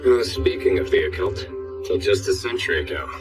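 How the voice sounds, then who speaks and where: An actor voicing a calm, analytical male student who talks in a measured, reasoning way, in an anime dub. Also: sits low. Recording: distant voice with music.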